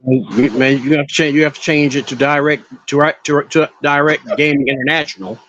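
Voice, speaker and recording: Halting man restarting his sentences. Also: on the high side, little pitch movement, a bit bright, highs cut off. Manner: halting, with many restarts and repeated words. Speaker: podcast co-host. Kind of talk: casual gaming podcast chat.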